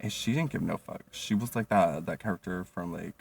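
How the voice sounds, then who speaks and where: A young man telling a storytime monologue as a vlogger, animated and profane, with frequent laughs and filler words. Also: sits low, fairly quick, creaky, husky, far from the mic.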